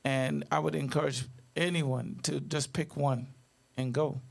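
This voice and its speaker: A man's voice: a little high, steady tone, a little slow, gravelly. A man in his late fifties, a guest speaking earnestly and reflectively in an interview. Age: 50s.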